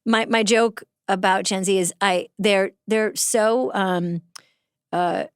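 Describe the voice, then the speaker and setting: A woman in her fifties hosts a loose, joking conversation, quick with a laugh. Her voice sits at an ordinary pitch and sounds close and dry, with no room around it. She grew up in New England. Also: steady tone, clean tone, no room sound. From Boston area, US. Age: 50s. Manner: quick, jokey, laughs often. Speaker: podcast host. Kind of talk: casual chat.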